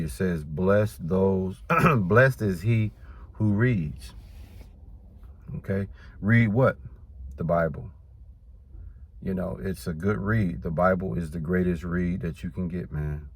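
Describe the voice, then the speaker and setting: A man's voice: low voice, darkish tone. A man teaching about the Bible in a casual preaching style, reading verses and then explaining them, often adding "man" and "you know".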